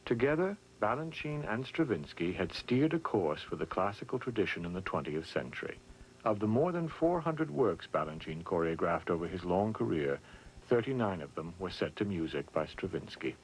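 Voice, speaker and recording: Low-voiced man narrating a documentary. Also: big pitch swings, normal speed, slight background noise, low-quality recording. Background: music.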